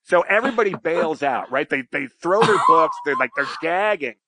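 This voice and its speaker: Animated man telling crude stories. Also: a little high, normal speed, slight background noise. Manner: animated, crude, frequent "right?" tags. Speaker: podcast guest, pilot. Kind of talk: casual storytelling.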